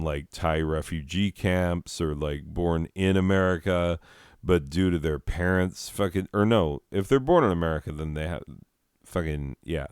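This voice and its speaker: A man's voice: low voice, a little mellow, smooth, no room sound, clean studio sound. A man telling a rambling, profane story in casual podcast chat, chuckling and meandering as he goes. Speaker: comedy podcast host.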